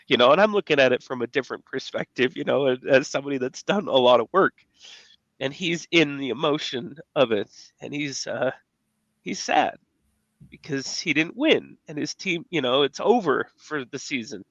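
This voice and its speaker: A man in his forties co-hosting a podcast, telling a personal story in an earnest, emotional way with many halting restarts. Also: mid-range voice, animated, a bit bright, no echo. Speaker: podcast co-host. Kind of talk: conversational storytelling. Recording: dull lo-fi dry sound.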